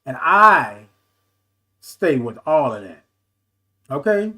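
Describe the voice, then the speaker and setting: Speaking slowly in a slightly high voice, this fifty-something man hosts a casual livestream talk show. He reads viewer comments aloud and replies with animated affection, calling people "baby" and "y'all."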